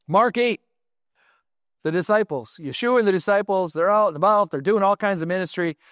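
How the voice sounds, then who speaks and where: A man's voice: high-pitched, brisk, dry recording, studio quality. A man preaching a sermon in a conversational way, often asking his listeners questions and telling stories. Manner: conversational, asks the audience questions, animated storytelling.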